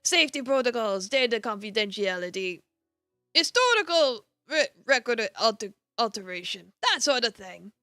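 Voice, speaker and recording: A woman's voice: on the high side, moderate pace, bright, forceful tone, no echo, clean studio sound, faint music behind. A woman doing a grumpy old crone boss. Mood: exasperated. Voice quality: gruff put-on Irish-style hag voice. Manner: curt, scolding, exasperated.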